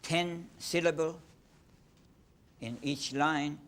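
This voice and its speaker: An older man from Iran, speaking with a Persian accent, gives a lecture on poetry. His delivery is halting, packed with fillers and restarts, and a faint low rumble fills the room.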